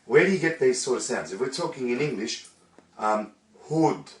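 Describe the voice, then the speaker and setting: A man's voice: mid-range voice, lively intonation, fast, recorded from a distance. Man coaching vowels in an echoey room. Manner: demonstrative, coaching, models vowels aloud. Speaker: singing teacher. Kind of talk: vocal lesson.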